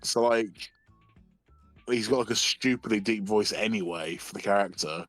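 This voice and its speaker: A man's voice: fairly low pitch, moderate pace, fairly bright tone, no room sound, faint music behind. A young man chatting casually on a stream, telling stories with a lot of swearing and laughter. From United Kingdom. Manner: sweary, giggly storytelling. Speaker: streamer co-host.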